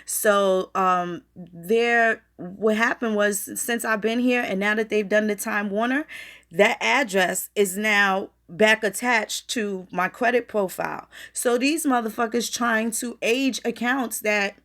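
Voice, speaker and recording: A woman with a gravelly, creaky edge on a mid-pitched voice, venting to her viewers. Her talk is blunt and profane, loose and conversational, like an unscripted live stream. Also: fairly even intonation, slow pace, fairly bright tone. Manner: addresses viewers directly. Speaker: vlogger. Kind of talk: casual live-stream rant.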